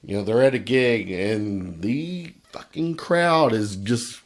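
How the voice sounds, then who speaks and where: A man's voice: fairly low pitch, takes it slowly. Rambling tipsy Kentucky man. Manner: rambling, joking, slightly tipsy. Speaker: guest podcast host. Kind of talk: casual chat.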